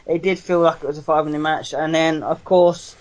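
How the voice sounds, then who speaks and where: A young man with a fairly high voice talks wrestling in a loose, rambling way. He swears a lot and keeps restarting his sentences as he goes. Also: steady tone, a little fast, darkish tone, rough recording. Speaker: podcast co-host. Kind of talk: casual wrestling chat.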